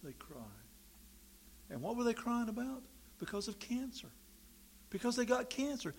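A man preaching a sermon in an animated, sarcastic way, swinging from quiet remarks to loud, emphatic bursts. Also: very high-pitched, normal speed, creaky, pauses often, husky.

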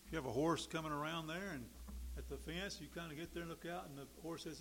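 A man preaching a sermon, emphatic, rising loud and high for key points and dropping to quiet asides. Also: fairly even intonation, fast talker, vocal fry, a little hiss or hum.

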